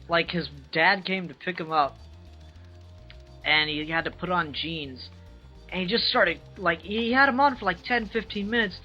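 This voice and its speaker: A man tells crude stories and teases his co-host while playing through a game. His voice is bright and forward, with faint music playing behind. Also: sits high. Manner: teasing, crude, storytelling. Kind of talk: casual gaming chat.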